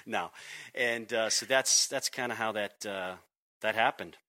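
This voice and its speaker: Youth pastor, forties, bright animated storyteller guest. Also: male voice, on the low side, measured pace. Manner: animated storyteller, acts out voices. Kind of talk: casual podcast conversation.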